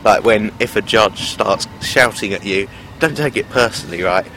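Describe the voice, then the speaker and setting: A man's voice: fairly low pitch, normal speed, pushed and bright, slight background noise. A man talking to camera in a rambling, hesitant monologue, full of fillers and restarts. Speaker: vlogger. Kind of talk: casual self-filmed monologue.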